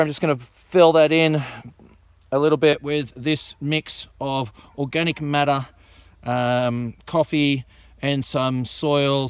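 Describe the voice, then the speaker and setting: Man, relaxed chatty vlog, smooth clear voice, dry close sound, outdoors. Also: medium pitch, dry recording. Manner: relaxed, chatty explaining while working outdoors. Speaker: vlogger planting trees. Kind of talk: casual show-and-tell vlog. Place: outdoors on hilly rural land.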